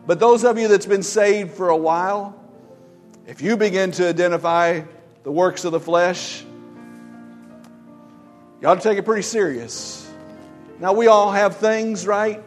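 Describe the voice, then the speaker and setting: A male pastor preaching a sermon in an emphatic, exhorting way, with soft music behind. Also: sits high, fairly even intonation, unhurried, pauses often.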